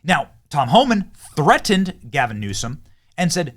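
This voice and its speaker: A man hosting political commentary over clips, heated and emphatic, swinging between loud and low. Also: very animated, unhurried. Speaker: political commentary channel host.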